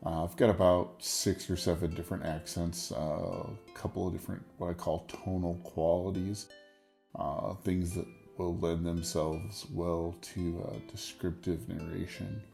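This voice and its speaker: A man in his forties hosting a casual solo podcast, rambling in a wry, stream-of-consciousness way with a deep radio voice. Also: little pitch movement, unhurried, gravelly, a little mellow, soft background music. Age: 40s. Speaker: podcast host.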